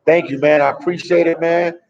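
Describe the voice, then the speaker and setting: Brief: man, travel vlogger on a livestream, gravelly and slightly high voice, loose and talkative, dull lo-fi audio. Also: steady tone, brisk, a crowd in the background. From Memphis, USA. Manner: loose and talkative, reads and answers viewer comments. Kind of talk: casual livestream chat. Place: a café in El Salvador.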